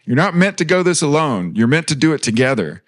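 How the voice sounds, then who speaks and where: A man's voice: on the high side, sing-song, fast talker. A man in his thirties preaching a sermon in a church, earnest and conversational, mixing personal stories with light humor.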